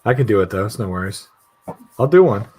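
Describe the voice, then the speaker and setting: A man's voice: lowish voice, animated, a little fast, a little mellow, a little hiss or hum, rough recording. A middle-aged man rambling and laughing in casual chat on a video call, swearing freely. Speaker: guest YouTube creator.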